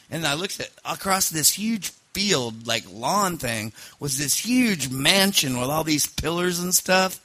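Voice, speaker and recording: A man's voice: on the high side, animated, unhurried, few pauses, sharp tone, dry recording. A man hosting a podcast, telling a personal story casually, rambling with fillers and restarts. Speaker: podcast host.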